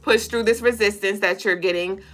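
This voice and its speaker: A woman hosting a casual spiritual reading livestream, talking straight to viewers in a loose, profane, animated way. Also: medium pitch, moderate pace, faint music behind. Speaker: spiritual reader and co-host.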